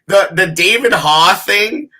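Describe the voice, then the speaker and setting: Animated, bright-voiced man in sports banter. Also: high voice, takes it slowly. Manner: animated, profane, laughing storyteller. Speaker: podcast host.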